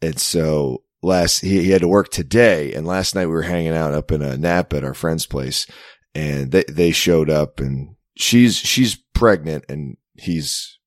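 A man with a very low voice tells a long story in casual chat. He rambles, restarts and corrects himself, laughing as he goes. The sound is close and dry, with no room around it. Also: unhurried, dry recording.

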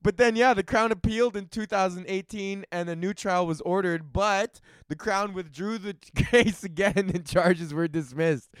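On his own comedy podcast, a man with a high, smooth voice rants solo in a loose, profane style, frequently laughing at his own jokes. There's no echo on the recording.

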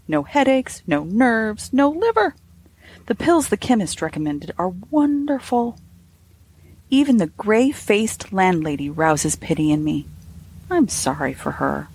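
A woman narrating a classic ghost story in a lively, expressive reading with soft asides. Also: mid-range voice, slightly rough.

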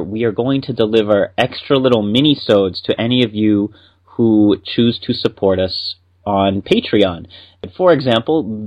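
Upbeat man co-hosting, dull sound. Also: mid-range voice. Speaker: podcast co-host. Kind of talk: casual podcast chat.

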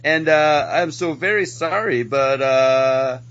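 A man's voice: fairly high pitch, takes it slowly, fairly bright tone, muffled recording, pitched above the performer's own voice. A man voicing an apologetic male border officer who stumbles over his words. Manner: hesitant, stammering with many fillers.

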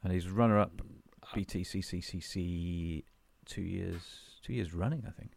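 English man in his fifties, podcast co-host, very deep and gravelly, teasing. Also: moderate pace, darkish tone. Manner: jokey, teasing, rambling. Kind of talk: casual chat. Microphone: headphones and desk mic.

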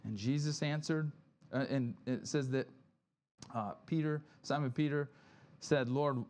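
A man's voice: mid-range voice, unhurried, darkish tone. A male pastor preaching a conversational sermon, often checking in with "right?" and acting out grumbling complainers in quoted asides.

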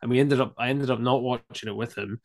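A man in his thirties talks in a casual podcast chat. He is animated and swears freely, and his story is full of "like" and "um". His voice sits at an ordinary middle pitch. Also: fast talker. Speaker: podcast guest.

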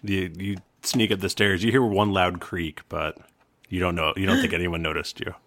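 Low-voiced man running a tabletop game. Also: flat delivery, normal speed, a bit bright. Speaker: game master.

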